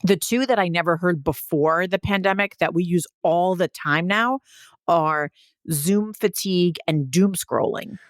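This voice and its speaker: A woman co-hosting a podcast in casual, animated chat, laughing often and swearing casually. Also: on the low side, measured pace, no echo, studio quality. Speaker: podcast co-host.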